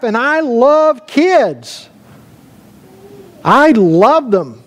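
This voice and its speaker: High-voiced man preaching. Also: low-quality recording. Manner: conversational preaching with anecdotes and quoted dialogue; reads scripture aloud. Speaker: pastor. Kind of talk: sermon. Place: church sanctuary.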